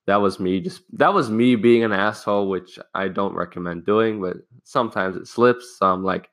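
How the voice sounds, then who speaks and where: A man's voice: lowish voice, moderate pace, a bit bright. A young man hosting a casual self-help talk, rambling and swearing as he tells a school story and acts out the people in it. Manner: rambling, swears freely, acts out quoted lines. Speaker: podcast host.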